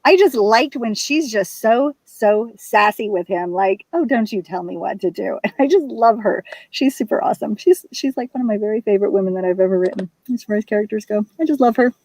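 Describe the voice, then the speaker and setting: A woman author telling scenes from her book in casual chat, animated and full of restarts. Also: mid-range voice, a little fast, hardly any pauses, no room sound, rough recording. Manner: animated retelling with restarts and repeats. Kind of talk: casual chat about writing.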